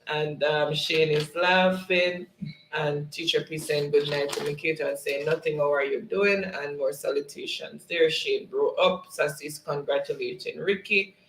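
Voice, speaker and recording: A man's voice: a little high, steady tone, measured pace, fairly bright tone, roomy sound, a little hiss or hum, poor audio. A man hosting a casual livestream, reading viewers' comments aloud in a friendly way and laughing often. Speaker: livestream host.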